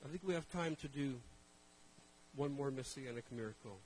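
A man preaching a sermon, telling stories in an animated way and calling out to the congregation. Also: medium pitch, moderate pace, a little hiss or hum, poor audio. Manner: animated storytelling, calls to the congregation. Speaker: pastor.

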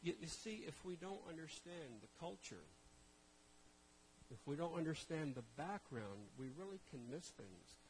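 A Canadian man preaching a sermon, joking and telling stories in an animated way. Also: on the high side, moderate pace, a little hiss or hum, rough recording. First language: Portuguese. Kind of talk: humorous sermon.

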